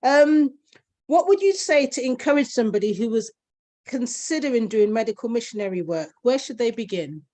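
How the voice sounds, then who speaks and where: A woman's voice: fairly high pitch, expressive, normal speed. Host: woman, middle voice, friendly and talkative, reads from a list of questions. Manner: warm, laughs often, chatty. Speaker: interview host. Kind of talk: casual interview.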